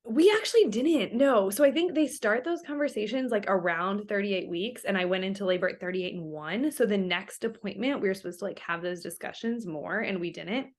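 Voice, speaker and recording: Chatty young woman telling a story. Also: mid-range voice. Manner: chatty, many fillers, quotes others in her story. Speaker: interview guest. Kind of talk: casual interview storytelling.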